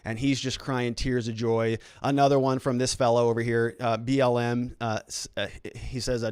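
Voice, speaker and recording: A man's voice: medium pitch, little pitch movement, moderate pace, hardly any pauses, a little mellow, clean tone, dry recording, clean studio sound. A man hosting a legal and political commentary show, talking casually with a sarcastic edge. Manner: sarcastic, mocking quoted reactions in put-on voices.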